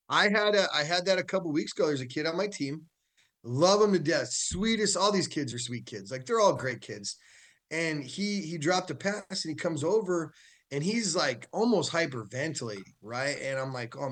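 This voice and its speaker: A man who coaches youth and high school football, chatting casually as a guest and telling stories with a laugh. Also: normal speed. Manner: animated storytelling, laughs often. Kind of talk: casual chat.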